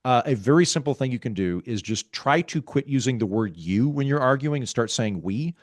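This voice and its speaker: A man, a guest author in a podcast interview, explaining ideas in a wry, self-aware, calm and measured way. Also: medium pitch, dry recording, clean studio sound. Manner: talks calmly, measured.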